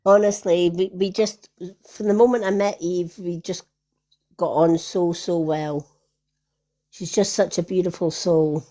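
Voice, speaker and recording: A woman's voice: on the low side, fairly even intonation, unhurried, dark tone. A woman hosting a live card reading stream, talking in a soothing, affectionate way and calling listeners honey and lovely.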